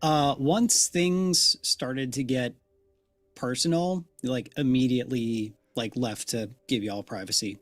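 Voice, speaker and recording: A man in a tabletop game describing the scene in a drawling, laid-back way. His voice sits at a middle pitch, and the recording is dry and close. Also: slow pace, a bit bright, dry recording, faint music behind. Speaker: player.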